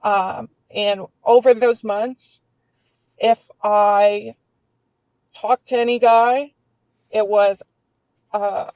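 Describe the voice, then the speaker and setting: A woman's voice: medium pitch, fairly even intonation, very slow, long pauses, darkish tone, no echo, poor audio. A woman in her twenties telling a personal story as a podcast guest, candid and swearing freely, with lots of filler words.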